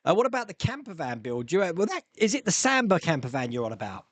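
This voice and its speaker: Man hosting chatty live-stream Q&A, lively pitch, slightly high voice, dry close sound. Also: quick pace, no room sound. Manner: chatty, rambling, reads viewer comments aloud. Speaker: live stream host answering viewer questions. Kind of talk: casual chat. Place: home hobby room.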